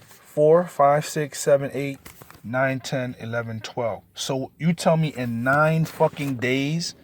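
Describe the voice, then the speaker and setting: A man's voice: mid-range voice, takes it slowly, a little hiss or hum. A man telling a story in an agitated, profane rant, cursing and repeating himself. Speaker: vlogger.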